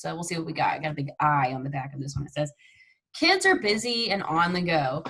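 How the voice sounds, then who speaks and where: Upbeat woman teaching mindfulness online, kind of low voice, chatty, yawns a lot. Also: lively intonation, a little fast, a bit bright. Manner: upbeat, chatty, yawns during breathing exercises. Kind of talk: live online mindfulness class.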